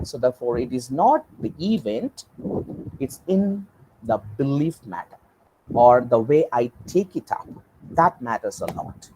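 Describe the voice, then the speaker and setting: A man's voice: a little slow, noisy background. A man giving an online lecture, telling a story and acting out its characters. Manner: animated, acts out story characters with big pitch swings. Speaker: guest lecturer.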